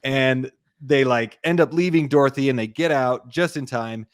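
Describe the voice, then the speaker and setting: A man's voice: medium pitch, moderate pace, no room sound, clean studio sound. A young man co-hosting a podcast, rambling through a movie plot with lots of fillers. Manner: rambling retelling, lots of "like", acts out quotes. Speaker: podcast co-host. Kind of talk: casual movie recap chat.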